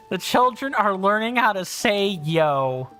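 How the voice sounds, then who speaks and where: A woman's voice: mid-range voice, expressive, takes it slowly, a bit bright, soft background music. A woman streaming a video game from her home office, chatting in a rambling, self-deprecating way. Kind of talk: casual livestream chat.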